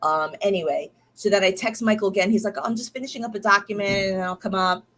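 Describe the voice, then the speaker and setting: This podcast host, a woman in her thirties, talks fast in a mid-range, fairly bright voice. Her casual, diary-like chatter wanders with lots of fillers and restarts, and she comes across as worn out while getting over an illness.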